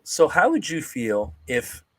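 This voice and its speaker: Animated young man, swearing, dry sound. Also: on the high side, slow pace, no room sound. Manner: animated, swears a lot, mocking impressions. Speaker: podcast co-host. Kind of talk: casual chat.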